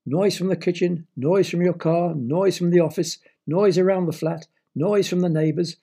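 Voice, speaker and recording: A man voicing a pair of talking ears that whine and nag in a storybook reading, with a husky voice. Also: fairly high pitch, slow pace, mellow, voice pushed up, exaggerated voice. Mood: whiny complaining. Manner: whiny, nagging, chanting in unison. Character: a woman's fed-up talking ears, bossy complainers.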